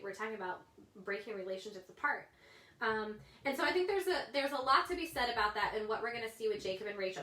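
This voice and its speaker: Chatty woman Bible study leader, higher voice, roomy echo. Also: fairly bright tone. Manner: chatty, many fillers and asides. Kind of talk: casual Bible study talk. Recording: echoey room.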